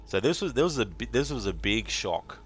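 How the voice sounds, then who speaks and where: Deep-voiced, rambling male game streamer. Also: big pitch swings, brisk, faint music behind. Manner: rambling, chatty, many fillers, thanks viewers. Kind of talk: casual live-stream chat.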